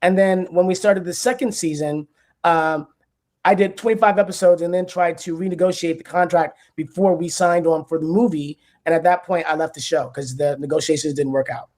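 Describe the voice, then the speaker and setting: A man from Detroit with a Detroit accent, a former actor being interviewed, explaining things in a measured way. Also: a little high, fairly even intonation, darkish tone. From Detroit, USA. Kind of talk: casual interview.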